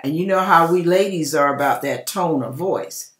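A woman's voice: sits low, moderate pace, reverberant. An older woman telling a personal testimony in a casual storytelling way, acting out voices as she goes. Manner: animated, acts out voices in the story. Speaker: channel host telling a testimony.

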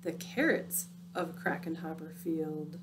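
A woman reading a picture book aloud, dramatic and dropping into hushed, spooky tones. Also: deep voice, slow, background noise. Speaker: storyteller.

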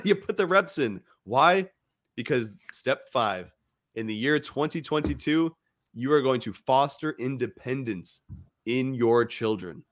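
A man's voice: mid-range voice, lively intonation, a little slow, fairly bright tone. A man co-hosting a podcast, giving blunt, profane, emphatic motivational talk to fathers. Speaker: podcast co-host.

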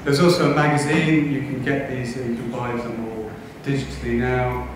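A man's voice: medium pitch, flat delivery, normal speed, background noise. A man giving a conference lecture, eager and wry, with asides to the audience. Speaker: conference speaker. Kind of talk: lecture talk. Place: conference hall. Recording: echoey hall, heard from a distance.

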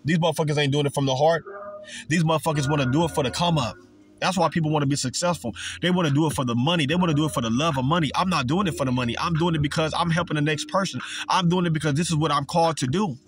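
A man's voice: on the high side, rapid-fire. Emphatic swearing motivational preacher man. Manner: emphatic, repetitive, heavy swearing. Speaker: motivational speaker.

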